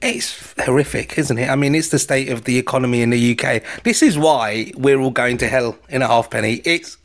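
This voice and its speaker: A man's voice: medium pitch, fairly quick. A man co-hosting a podcast, in a wry, joking and rambling casual chat. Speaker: podcast co-host.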